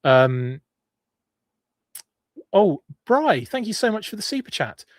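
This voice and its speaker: A man's voice: high-pitched, big pitch swings, takes it slowly, no room sound, clean studio sound. A well-spoken English man hosting a live stream in a rambling, chatty way, reading out viewer comments and going off on asides. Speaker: podcast host.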